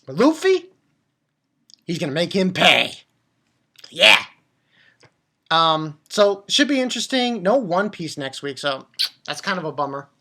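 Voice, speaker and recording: A man recapping and reviewing a cartoon episode in a casual, excitable way, swearing freely and stumbling over restarts and fillers. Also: on the high side, moderate pace. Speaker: anime reviewer.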